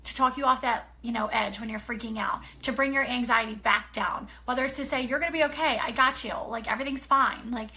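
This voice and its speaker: Earnest woman author, thirties, bright and a little high, animated storyteller. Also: brisk, few pauses. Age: 30s. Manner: earnest, animated storytelling, often checks in with "okay?". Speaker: author sharing a personal story. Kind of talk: casual personal talk.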